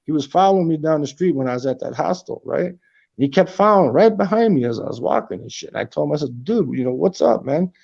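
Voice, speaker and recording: A man's voice: a little high, lively intonation, fast talker, gravelly, darkish tone, husky, dull audio. A man hosting a casual livestream from his apartment, telling rambling, profanity-laced stories. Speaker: livestream host. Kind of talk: casual chat.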